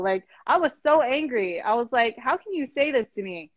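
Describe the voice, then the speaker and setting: A woman's voice: sits high, very animated, fairly quick, few pauses, a bit bright, no room sound, highs cut off. A woman hosting a casual chat, talking in an impassioned, frustrated way with many restarts, over a video call. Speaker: host.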